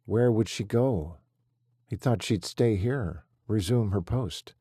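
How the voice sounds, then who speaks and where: A man narrating an audiobook in a measured, steady storytelling manner. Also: fairly low pitch, husky, no echo, studio quality.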